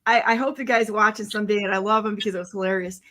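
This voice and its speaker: A woman hosts a talk show and tells a story in a loose, chatty way. She laughs often and acts out the voices of other people. Her voice sits at an ordinary middle pitch. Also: fairly even intonation, very fast, fairly bright tone. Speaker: show host.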